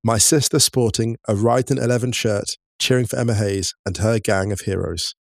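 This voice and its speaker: A man's voice: fairly low pitch, fairly even intonation, moderate pace, gravelly, no echo, studio quality. A young man co-hosting a podcast, chatting casually and reading out listener messages, laughing easily. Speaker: podcast co-host.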